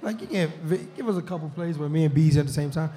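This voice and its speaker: With a slightly high, warm voice and a fast pace, a man who plays pro football guest-hosts a live podcast recorded in a restaurant. He talks casually, laughs frequently, and leans on "you know what I'm saying" as filler.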